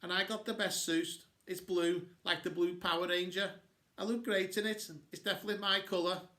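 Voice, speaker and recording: A man's voice: sits high, level tone, normal speed, pushed and bright, reverberant. A man reading a story aloud, voicing a chatty, show-off young girl who brags and teases. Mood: bragging. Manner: bubbly and bragging.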